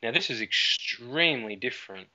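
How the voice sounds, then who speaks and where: A man's voice: mid-range voice, expressive, normal speed, bright, forceful tone. A man appearing as a guest technologist in a casual chat, explaining at length in a rambling, hedging way. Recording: dull lo-fi recording.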